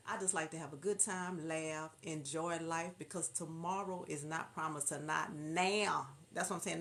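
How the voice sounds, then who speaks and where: A woman from Houston with a natural Southern drawl, hosting a casual livestream and chatting with viewers about their comments. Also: lowish voice. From Houston, Texas. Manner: chatty, laughing, reads viewer comments aloud. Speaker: livestream host.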